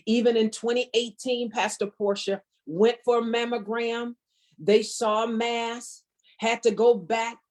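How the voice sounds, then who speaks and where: A woman's voice: fairly high pitch, a little mellow. Fervent woman sharing her testimony. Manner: fervent, preacherly, emphatic repetition. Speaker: guest speaker.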